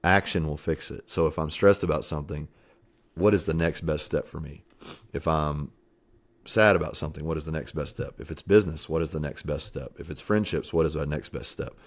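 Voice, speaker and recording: A man's voice: very deep voice, a little fast. A middle-aged man guesting on a podcast, telling his story in an earnest, reflective way, swearing casually, with many fillers. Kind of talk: candid interview storytelling.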